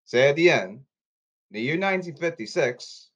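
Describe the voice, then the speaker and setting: Casting: man, slightly high voice, insistent and repetitive, restarts mid-sentence. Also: expressive, normal speed, a bit bright, husky, highs cut off. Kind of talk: rambling address to camera.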